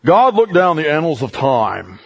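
Pompous male preacher, slow and solemn, put on by a man mocking the style. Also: a little high, big pitch swings, creaky, breathy edge, muffled recording, full character voice.

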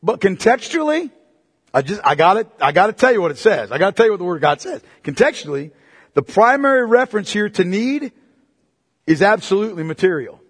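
A man preaching a sermon as pastor, emphatic and repetitive, swinging between loud and hushed delivery. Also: sits high, big pitch swings, a little fast, husky, in a large hall.

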